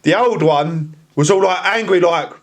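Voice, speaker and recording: A man telling a story on a podcast in casual chat, acting out the voices of the people he quotes. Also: moderate pace. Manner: animated, acts out quoted voices with big pitch jumps. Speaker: podcast guest.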